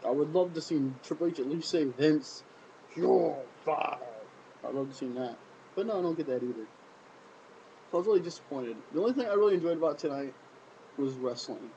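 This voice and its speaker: A man rants through a casual wrestling review in a slightly high, mellow voice, firing off sarcastic rhetorical questions and repeating his points. The recording is a bit muffled, with a faint hiss. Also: lively intonation, fast talker. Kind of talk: casual solo video review.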